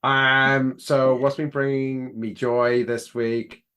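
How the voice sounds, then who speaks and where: A man's voice: mid-range voice, level tone, slow pace, sharp tone, clean tone. A man, co-hosting a podcast in loose, rambling casual chat and laughing easily. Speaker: podcast co-host.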